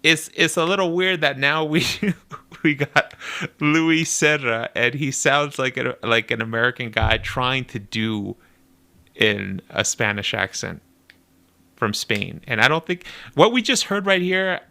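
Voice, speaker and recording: A young man casually commenting on a game trailer, animated and nitpicky, laughing often as he talks. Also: medium pitch, measured pace, creaky. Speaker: video reactor.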